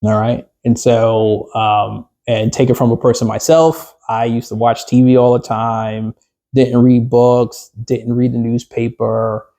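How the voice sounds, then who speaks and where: A man's voice: medium pitch, flat delivery, a little slow, gravelly, mellow. A man, a business coach, giving a casual workshop talk to a small group, rambling with fillers and restarts and putting questions to the group.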